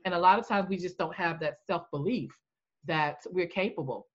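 A woman coach telling an animated story in a podcast interview, acting out the voices she quotes. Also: normal speed, highs cut off. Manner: animated storyteller, acts out quoted voices with big pitch jumps. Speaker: coach and founder.

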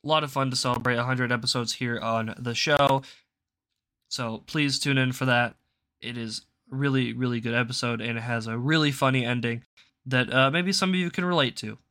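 A young man hosting a political commentary show, ranting angrily and profanely with sudden loud outbursts. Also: mid-range voice, brisk. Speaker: host.

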